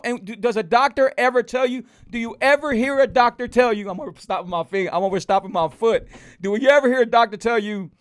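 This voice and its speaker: A man hosting a casual livestream, animated and preachy, hammering home rhetorical questions to his viewers. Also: extremely high pitch, fast, clear, resonant tone. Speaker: host of a health livestream.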